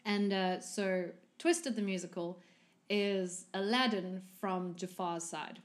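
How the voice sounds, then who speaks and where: A young woman chatting casually, telling a story with lively asides and playful quoted voices. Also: mid-range voice, takes it slowly. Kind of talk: casual chat.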